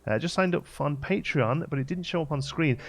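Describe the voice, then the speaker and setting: A man's voice: on the high side, a little fast. Chatty man streaming a game. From England. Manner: rambling, chatty, answers chat aloud. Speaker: livestream host. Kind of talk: casual gaming livestream chat.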